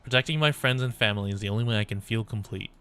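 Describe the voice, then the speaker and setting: A man voicing a quiet, intense young girl fighter, reading her lines in a calm, questioning way. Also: on the low side, racing, clean tone, soft background music, lightly acted. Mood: earnest.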